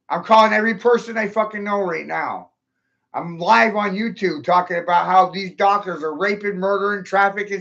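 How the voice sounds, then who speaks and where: A man's voice: high voice, creaky, a bit bright, dull audio. A man ranting angrily and profanely on a live stream, agitated and upset. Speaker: livestreamer. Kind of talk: angry live-stream rant.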